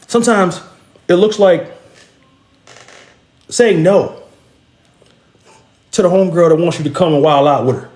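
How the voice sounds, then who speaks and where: A man delivers a motivational talk with a preacher's insistence, speaking straight to his listeners. His voice sits fairly high for a man. He hammers phrases again and again, tripping into stammered restarts, and the room around him rings with echo. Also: unhurried, pauses often, darkish tone. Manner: addresses listeners directly and bluntly.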